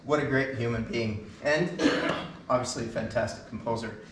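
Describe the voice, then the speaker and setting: On stage at a band concert, an enthusiastic man tells anecdotes full of fillers. His mid-range voice has fairly even intonation and a moderate pace, picked up by a distant mic in an echoey hall with a little hiss or hum.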